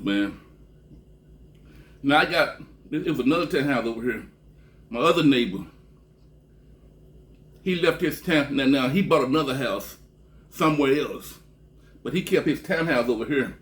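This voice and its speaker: Talking straight to camera, a Texan vlogger rambles through a casual storytelling monologue, cursing freely in a relaxed, conversational way. His pitch is ordinary and mid-height. He keeps closing phrases with a drawn-out, dropped "man."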